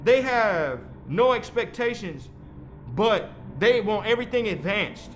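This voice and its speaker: A vlogger in his thirties delivers a rambling, heated monologue, swearing freely as he lectures in a preachy way. His voice is high with lively intonation and an unhurried pace, and there's a slight hiss or hum in the background.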